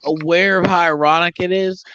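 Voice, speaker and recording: A man's voice: sits high, steady tone, fairly quick, pushed and bright. A man chatting casually on a gaming podcast, rambling with many restarts. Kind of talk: casual chat. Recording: dull lo-fi dry mic.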